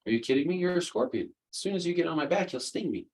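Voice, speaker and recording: A man's voice: on the high side, lively intonation, fast, vocal fry, pitched above the performer's own voice, poor audio. A man voicing a wary, easily persuaded male frog from a fable, speaking in a plain storytelling voice. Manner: incredulous, then pleading.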